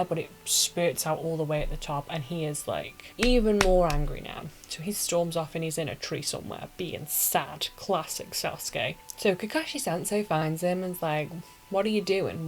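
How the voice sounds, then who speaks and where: A woman's voice: lowish voice, a little hiss or hum, rough recording. Chatty, slangy young woman recapping anime.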